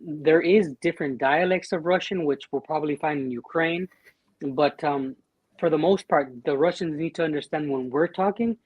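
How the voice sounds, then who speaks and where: A Mexican American man, a guest on a livestream chat, who speaks earnestly and haltingly, often restarting his sentences. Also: on the high side, no room sound, dull audio. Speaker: guest, war veteran living in Siberia.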